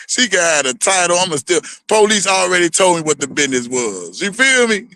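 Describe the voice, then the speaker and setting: Fired-up man ranting, bright voice. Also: a little high, fairly quick, hardly any pauses. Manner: animated, profane, repetitive preaching tone. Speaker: vlogger. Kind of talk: heated rant to camera.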